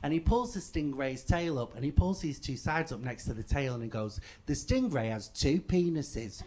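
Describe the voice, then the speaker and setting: A man in his thirties with an English accent, doing a stand-up comedy set. He talks in an animated way and rises to loud outbursts for punchlines. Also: medium pitch, fairly quick, a little hiss or hum. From England. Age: 30s. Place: comedy stage before a live audience.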